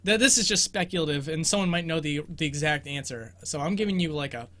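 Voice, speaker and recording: A young man with a bright, forward voice pitched a little high hosts a relaxed live Q&A from his bedroom. He rambles through guesses, pokes fun at himself, and laughs easily as he answers viewers. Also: quick pace. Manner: rambling, self-deprecating, laughs often. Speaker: host of a game exploration show. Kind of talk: casual livestream Q&A commentary.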